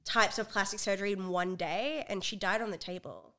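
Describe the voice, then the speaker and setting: A woman's voice: medium pitch, fairly quick, a crowd in the background. A woman in a casual group chat, telling anecdotes and laughing often.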